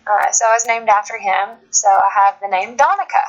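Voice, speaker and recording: A woman's voice: mid-range voice, a little fast, highs cut off. A woman singer-songwriter from Alabama, chatting as a guest in a casual phone interview, laughing often and restarting her sentences.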